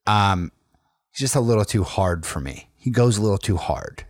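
A man's voice: lowish voice, normal speed, no echo, studio quality. A man co-hosting a podcast, trading crude jokes in casual chat. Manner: joking, crude banter.

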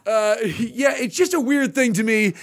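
A man's voice: very high-pitched, expressive, moderate pace. A man co-hosting a podcast in casual chat, joking and teasing with frequent laughs. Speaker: podcast co-host.

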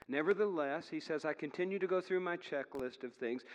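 Pastor, man, slightly high voice, lively sermon delivery, long church reverb. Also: fairly quick, hardly any pauses. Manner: animated storytelling, rising to near shouts.

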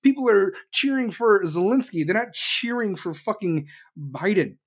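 A commentator delivering an angry, sarcastic political rant full of swearing, speeding up in bursts and slowing down to hit a point. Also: mid-range voice, lively intonation, husky. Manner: jumps between fast bursts and slow emphasis.

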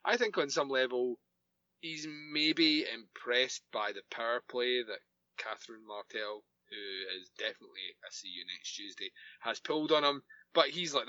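Sharp-voiced wry man, dry lo-fi mic. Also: medium pitch, expressive, moderate pace. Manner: wry, picks holes in the plot, sarcastic asides. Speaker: podcast co-host. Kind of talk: casual chat recapping a TV episode.

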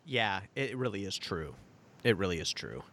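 A man's voice: low voice, big pitch swings, moderate pace, a bit bright. A man co-hosting a casual podcast, laughing often and hesitating with fillers. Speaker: podcast co-host.

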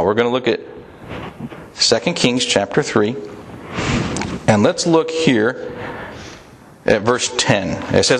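A man preaching a sermon in a conversational way, with emphatic rises in pitch and a pace that speeds up and slows down. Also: a little hiss or hum. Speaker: pastor.

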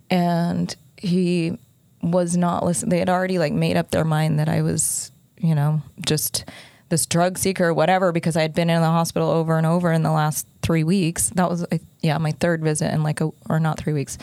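A woman's voice: low voice, vocal fry, darkish tone, no echo. A middle-aged woman hosting a podcast, candidly telling a personal story in a conversational way with many fillers. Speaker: podcast host.

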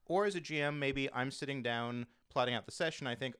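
A man hosting a casual roundtable chat about tabletop games, explaining things briskly. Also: mid-range voice, a bit bright, clean tone, no echo, clean studio sound. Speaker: podcast host and game master.

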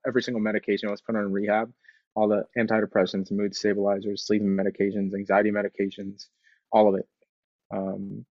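Earnest guy giving a motivational talk, kinda low voice, repeats stuff for emphasis, dull-ish audio. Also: no room sound. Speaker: speaker sharing recovery story.

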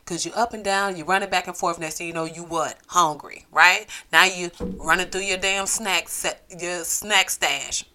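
A woman's voice: fairly low pitch, steady tone, normal speed, few pauses, bright, forceful tone, a little hiss or hum. A woman hosting a solo podcast, ranting in a blunt, profane, sassy way. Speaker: podcast host.

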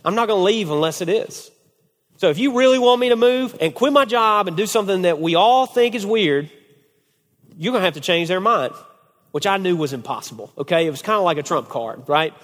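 A young man in his twenties preaching a sermon, telling a personal story with animated, acted-out quotes. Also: brisk. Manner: animated storyteller, acts out quotes with big pitch swings. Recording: long hall reverb.

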